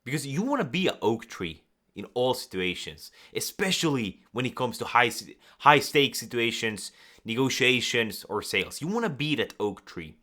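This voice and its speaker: Guy coaching on confidence, super lively voice, bright and forceful, acts out little examples. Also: medium pitch, moderate pace. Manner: animated, acts out nervous and calm examples. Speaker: communication coach. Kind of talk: direct-to-camera coaching talk.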